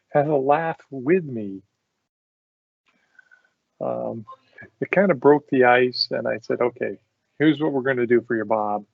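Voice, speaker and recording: Gravelly-voiced man telling stories. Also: mid-range voice, no room sound. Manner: laughs often while telling stories. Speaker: podcast host. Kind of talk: casual storytelling. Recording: dull dry lo-fi sound.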